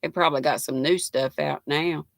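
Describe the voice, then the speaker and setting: A woman's voice: low-pitched, steady tone, moderate pace, vocal fry, no room sound. An older woman with a Southern US accent hosting a casual live stream, chatting folksily and greeting viewers by name as she answers their comments. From North Carolina.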